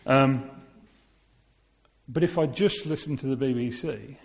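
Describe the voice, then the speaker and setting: Long reverb from a big hall surrounds this preacher's medium-pitched voice, which is creaky, a little mellow and measured in pace. He talks through his sermon conversationally, asking listeners rhetorical questions.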